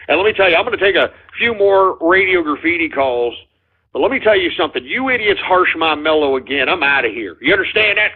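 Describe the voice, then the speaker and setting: A man's voice: fairly high pitch, lively intonation, fairly quick, slightly rough, phone-quality sound. A man hosting a call-in radio show, scolding his callers in an exasperated, profane rant.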